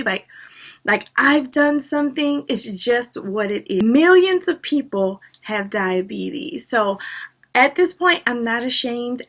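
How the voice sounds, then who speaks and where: A woman's voice: sits high, fairly bright tone. A woman vlogger talking casually and earnestly to her viewers, speaking directly and with emphasis. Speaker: diabetes lifestyle vlogger. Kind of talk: casual talk to camera.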